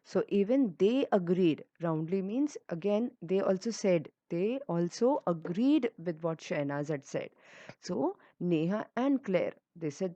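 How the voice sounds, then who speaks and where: Woman teacher with an Indian English accent, slow and mellow delivery explaining word meanings, dull lo-fi recording. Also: on the low side, animated, no echo. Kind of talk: explaining a textbook story.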